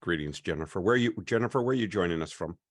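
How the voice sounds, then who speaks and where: Deep-voiced man hosting an online class. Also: lively intonation, dry recording, clean studio sound. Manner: chatty, welcoming, often pauses with "uh". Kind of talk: hosting a video call class. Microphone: video call.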